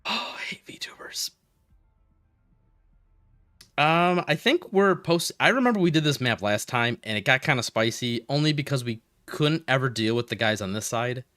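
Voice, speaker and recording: A man hosting a casual gaming stream, his voice dry and close with no room around it. He rambles between game moves and stories in a mid-pitched, everyday tone. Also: brisk, hardly any pauses, no echo, soft background music. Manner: rambling, animated storyteller, talks through game moves.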